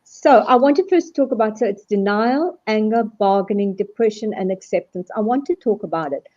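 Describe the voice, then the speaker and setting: A woman speaking as a guest in a live video call discussion, animated and acting out quoted voices as she explains. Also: medium pitch, fairly quick. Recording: dull lo-fi video call audio.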